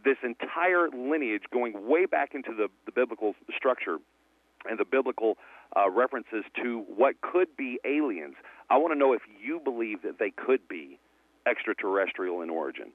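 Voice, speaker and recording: A man's voice: medium pitch, animated, normal speed, dry recording. A man calling into a radio show, chummy and enthusiastic, talking in long rambling questions. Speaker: caller. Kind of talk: call-in radio chat. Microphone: phone call. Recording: tinny phone line.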